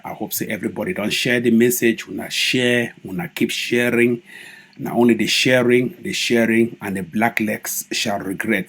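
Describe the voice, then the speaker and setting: A man with a Cameroonian Pidgin English accent, giving live-stream commentary as an activist broadcaster, animated and mocking. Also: lowish voice, breathy edge. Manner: animated, mocking, swings into loud mimicry.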